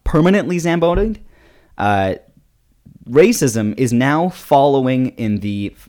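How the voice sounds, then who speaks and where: A man co-hosting a casual comedy podcast, teasing his partner in a dry, deadpan way. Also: medium pitch, slow pace. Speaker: podcast co-host.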